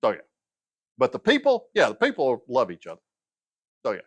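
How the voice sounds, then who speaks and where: A man's voice: mid-range voice, huge pitch swings, a little fast, dry recording. Rambling middle-aged man, dry close sound. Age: 50s. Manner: rambling, loses his train of thought; hesitant, many fillers and restarts. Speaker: livestream host. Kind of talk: casual rambling chat.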